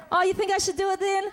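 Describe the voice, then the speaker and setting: A woman's voice: extremely high pitch, fairly bright tone, a little hiss or hum. A middle-aged woman answering fan questions on a convention stage in a chatty, rambling way, laughing often. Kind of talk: casual stage Q&A. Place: convention stage before an audience.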